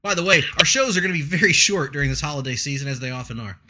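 A man's voice: on the high side, expressive, racing, pushed and bright, highs cut off. A man co-hosting a casual comics podcast, chatty and laughing often. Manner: chatty, laughs often, breaks into a mock radio announcer voice. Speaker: podcast co-host.

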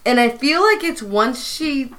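A woman's voice: high-pitched, unhurried. A woman co-hosting a casual podcast, animatedly retelling scenes and acting out the characters' lines. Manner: animated retelling with quoted voices. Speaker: podcast co-host. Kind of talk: casual recap chat.

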